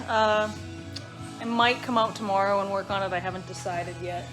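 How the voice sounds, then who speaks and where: Casting: woman shop vlogger, mid pitch, chatty and upbeat, roomy workshop echo. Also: fairly even intonation, normal speed, music in the background. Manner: chatty, upbeat, rambling asides. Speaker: woodworker vlogger. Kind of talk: casual vlog diary. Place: woodworking shop.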